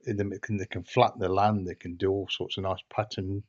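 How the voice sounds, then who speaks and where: A man recounts a tale in a casual, meandering way. He hesitates often and restarts his sentences, and his voice sits fairly low. The recording sounds dull and lo-fi. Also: flat delivery, fairly quick, a little mellow. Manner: hesitant and rambling, frequent restarts. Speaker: storyteller. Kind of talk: casual anecdotal storytelling.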